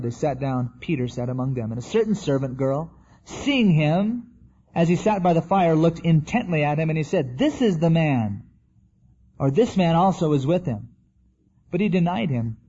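A man's voice: fairly high pitch, mellow, breathy edge, muffled recording. A man preaching a sermon in a conversational way, acting out the quotes he tells. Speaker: pastor.

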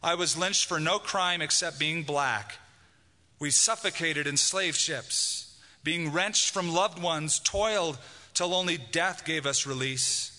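A man's voice: fairly high pitch, slow pace, bright, forceful tone, long reverb tail, exaggerated voice. A male preacher voicing a wronged man who angrily demands an answer. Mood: demanding. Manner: demanding, read aloud in a sermon.

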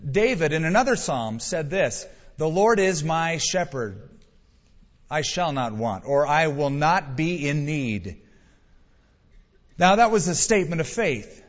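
Guy preaching a sermon, kinda high voice, gets loud then drops low, dull sound in a big echoey church. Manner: preaching with wide swings in loudness, dropping low on key words. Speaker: pastor.

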